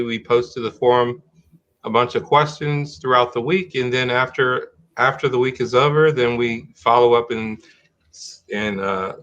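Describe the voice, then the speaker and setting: Bright-voiced rambling male streamer. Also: mid-range voice. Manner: rambling, restarts sentences, thinks aloud. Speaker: host of a live-streamed talk show. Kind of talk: casual livestream chat.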